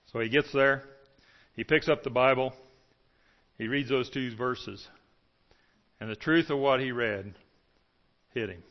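A male pastor delivering a sermon, moving between raised, ringing calls and near-hushed stretches. His voice sits at an everyday middle pitch. The recording is slightly muffled and lo-fi. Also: measured pace, pauses often. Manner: preaching with swings from loud to hushed.

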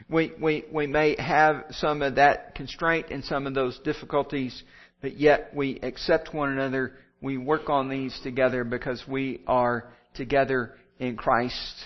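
A man's voice: mid-range voice, lo-fi sound. A pastor giving a sermon, building his points through repeated phrases and rising appeals.

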